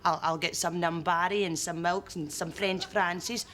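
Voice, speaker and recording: An actress playing a lonely, overfamiliar shopkeeper with a Scottish accent, in a comedy sketch. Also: female voice, lowish voice, fairly even intonation, moderate pace, a bit bright, slight background noise, natural voice. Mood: pushy. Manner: overfamiliar, pushy, chatty. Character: lonely, clingy middle-aged woman shopkeeper.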